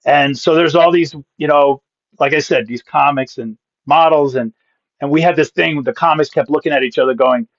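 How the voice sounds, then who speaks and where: Pastor-comedian guest from Massachusetts, lively punchy storyteller, slightly high-pitched, dry and muffled mic. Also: male voice, no echo. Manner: animated, punchy comic delivery with quick asides. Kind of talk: comic storytelling in a podcast interview. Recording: dull, dry sound.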